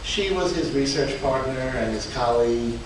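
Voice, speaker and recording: A man giving an informal slide presentation at a book event, speaking haltingly with many restarts and fillers and chuckling now and then. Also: mid-range voice, lively intonation. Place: event room in a museum. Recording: echoey room, far from mic, background noise.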